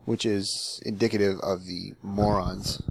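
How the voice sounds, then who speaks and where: A man's voice: fairly low pitch, little pitch movement, a little slow, vocal fry, dry recording. A man co-hosting a casual podcast chat, sardonic and opinionated, teasing his co-host.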